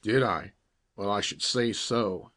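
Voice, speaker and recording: A man voicing a big, uncouth teenage boy who gives slow, low, earnest warnings. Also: fairly bright tone.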